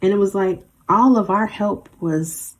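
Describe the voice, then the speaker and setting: A woman's voice: medium pitch, unhurried. A woman tarot reader in a casual vlog monologue, rambling through stories in a blunt, emphatic way with slang and mild swearing.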